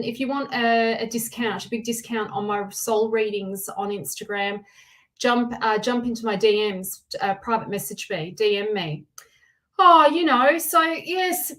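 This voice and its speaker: A middle-aged woman with an Australian accent chats on a live stream in a high, bright voice. She talks loosely and warmly to her viewers, restarting sentences as she goes. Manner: chatty, warm greetings to viewers, frequent restarts. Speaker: tarot reader hosting a livestream. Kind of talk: casual live-stream chat.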